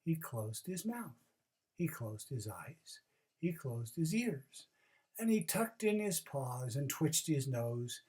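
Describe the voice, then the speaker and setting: A storyteller casually reading a children's book aloud, with chatty asides and expressive narration. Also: mid-range voice, takes it slowly. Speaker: storybook reader.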